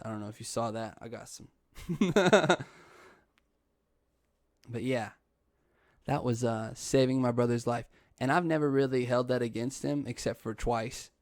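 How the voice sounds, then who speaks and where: A young man chats through a story on his own podcast, laughing between lines and swearing freely. His voice sits at an ordinary middle pitch, recorded close and dry with no room sound. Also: darkish tone, no room sound. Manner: laughs often, swears, says dude and like. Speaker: podcast host. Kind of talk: casual storytelling.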